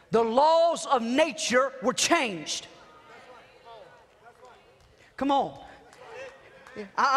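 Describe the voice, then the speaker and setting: Pastor, male, very high voice, unhurried delivery, hushed lows and shouted peaks, repeats lines for weight. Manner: swings from hushed murmurs to shouted climaxes; repeats phrases for emphasis. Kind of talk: sermon. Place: church sanctuary. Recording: long church reverb.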